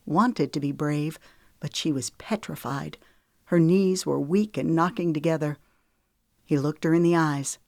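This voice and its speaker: A woman narrating an audiobook in a calm, measured reading voice. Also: sits low, dry recording, studio quality.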